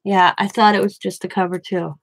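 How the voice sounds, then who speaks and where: A woman's voice: medium pitch, little pitch movement, brisk, vocal fry, no echo. Chatty woman hosting a crafting livestream. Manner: chatty, answers viewers by name, restarts sentences. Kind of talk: casual live-stream chat. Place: at home.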